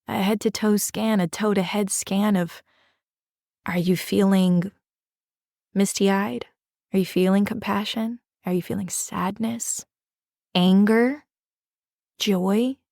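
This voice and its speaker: Gentle, earnest woman, dry close sound. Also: mid-range voice, no room sound. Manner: gentle, earnest, with guided breathing prompts and frequent "right?". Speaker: podcast host and drama therapist. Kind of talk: reflective storytelling monologue.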